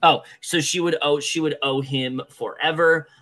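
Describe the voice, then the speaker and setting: A man's voice: a little high, fairly even intonation, moderate pace, a bit bright. A young man co-hosting a podcast, recapping a reality show in casual, rambling chat full of fillers. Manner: rambling, many fillers and restarts. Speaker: podcast co-host.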